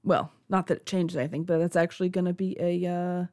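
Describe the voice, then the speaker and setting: A woman playing a tabletop horror game, expressive and quick to laugh. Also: on the low side, dry recording, studio quality. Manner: giggly, expressive. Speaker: player.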